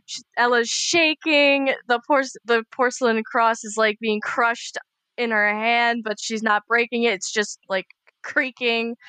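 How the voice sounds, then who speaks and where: A woman's voice: fairly high pitch, pushed and bright, smooth, no echo. A woman playing a tabletop game, describing her character's actions in a hesitant, dramatic way. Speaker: player. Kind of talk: tabletop role-play narration.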